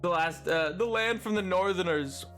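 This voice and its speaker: A man's voice: high voice, normal speed, fairly bright tone, faint music behind. A young man streaming a game, chatting casually and rambling, reading chat aloud with playful indignation.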